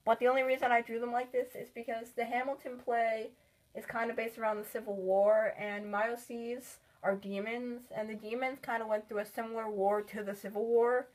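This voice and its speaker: A woman's voice: a little high, level tone, normal speed. A woman chatting casually in a vlog about her sketchbook, rambling and filling with "like". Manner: rambling, with many "like" fillers. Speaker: artist showing her sketchbook.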